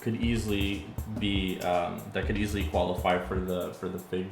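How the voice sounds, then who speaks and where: A man's voice: deep voice, flat delivery, normal speed, gravelly. A man co-hosting a casual chat, explaining with eager, rambling sentences. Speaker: co-host. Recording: roomy sound with faint music.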